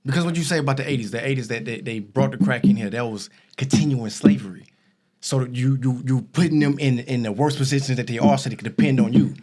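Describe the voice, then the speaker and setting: A man with a quick, mid-pitched voice, pushing back in a casual podcast argument. He talks bluntly and challenges the others head on. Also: dark tone. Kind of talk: casual debate chat.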